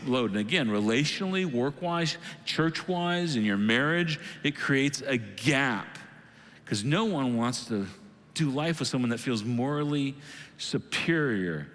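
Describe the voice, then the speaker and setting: A man preaching a sermon as lead pastor, animated and acting out quoted voices. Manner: animated, acts out quoted voices with sudden pitch jumps. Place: church auditorium. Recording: long hall reverb.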